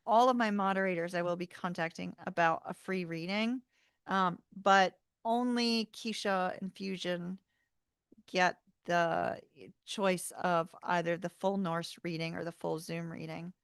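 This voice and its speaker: Chatty livestream host with a gravelly edge. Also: female voice, on the low side, fairly even intonation, unhurried, no echo, clean studio sound. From North Carolina, US. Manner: chatty, warm-hearted, laughs often, says y'all. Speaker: tarot channel host. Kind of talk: casual livestream chat.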